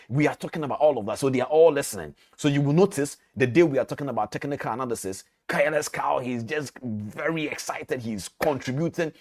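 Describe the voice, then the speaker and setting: A man speaking as a trading mentor gives a storytelling lesson, animatedly telling a parable and addressing his listeners directly. His medium-pitched voice moves at a quick pace with few pauses.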